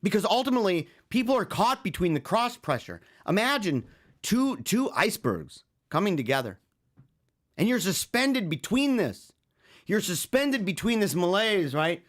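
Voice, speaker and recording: A man's voice: high-pitched, sing-song, normal speed, fairly bright tone. A man hosting a talk show, talking in a casual, joking monologue and acting out little scenes with frequent chuckles. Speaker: show host.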